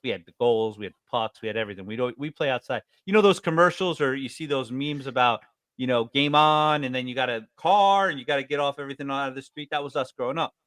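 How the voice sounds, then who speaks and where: A middle-aged man from New York State chatting casually as a podcast co-host, telling stories with lively acted-out voices. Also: mid-range voice, quick pace, no echo. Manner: animated storyteller, acts out quoted voices loudly. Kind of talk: casual chat.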